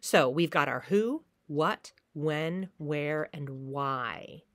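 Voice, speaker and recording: A woman with a lowish voice teaches acting in a recorded lecture, and she slips into short acted-out pleas and threats to show each point. The sound is dry and close, with no room echo. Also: drawn-out words, a bit bright. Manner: acts out short quoted pleas and threats as examples. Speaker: theater teacher.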